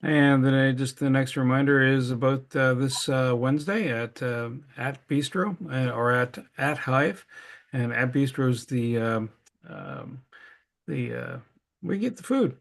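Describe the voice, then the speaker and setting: A man hosting a business networking meeting, making casual, halting announcements. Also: medium pitch, gravelly. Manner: halting, searching for words. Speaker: meeting host.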